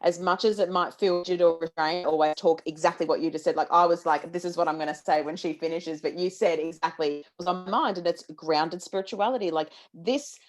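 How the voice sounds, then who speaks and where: A woman in her thirties, a podcast co-host, talking in a lively, casual way with lots of restarts and the odd swear word. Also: on the low side, fairly quick, hardly any pauses, soft background music. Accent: Australian. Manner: animated, swearing, many restarts. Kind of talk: casual astrology chat.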